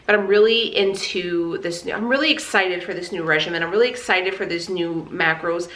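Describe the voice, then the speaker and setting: A woman's voice: fairly low pitch, a little fast, a bit bright, roomy sound. A woman in her thirties chatting candidly as a vlogger, fired up, with lots of fillers and swearing. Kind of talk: casual chat.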